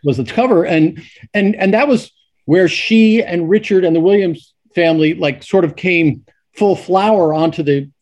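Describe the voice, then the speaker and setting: A man's voice: high-pitched, moderate pace, darkish tone. A middle-aged man, a sportswriter guest, telling stories casually with many restarts and fillers. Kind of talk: casual storytelling.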